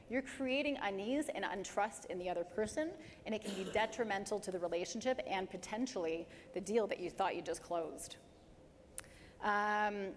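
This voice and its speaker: A woman giving a live career presentation to an audience, lively and emphatic, speeding up and slowing down to demonstrate points. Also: mid-range voice. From Canada. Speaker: presenter at a dental career talk. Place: large hall with an audience. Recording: hall reverb, faint background noise.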